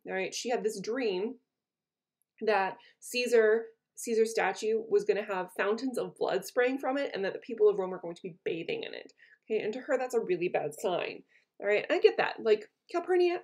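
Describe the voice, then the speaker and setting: A woman's voice: medium pitch, moderate pace, a little mellow. A woman teacher reading lines from a play aloud and retelling them in casual everyday words for her students. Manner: casual paraphrase.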